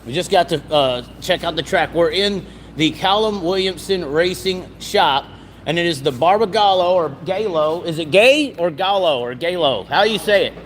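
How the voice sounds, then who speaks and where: A man's voice: high-pitched, expressive, normal speed. A chatty, joking man, interviewing people on location in a race car shop. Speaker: racing vlogger. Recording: reverberant shop with faint noise.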